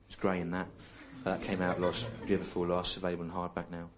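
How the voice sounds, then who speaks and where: Deep-voiced man doing deadpan stand-up. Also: fairly quick. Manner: deadpan, digressive, addresses audience members. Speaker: stand-up comedian. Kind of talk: stand-up routine. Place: comedy venue, live on stage. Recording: noisy live venue recording. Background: audience laughter.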